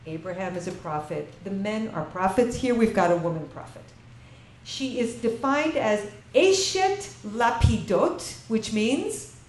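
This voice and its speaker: A woman teaching a Bible class to an audience, asking them questions and reading verses in Hebrew before translating them. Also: fairly high pitch. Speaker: lecturer. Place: lecture room with an audience. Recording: echoey room with faint ambient noise.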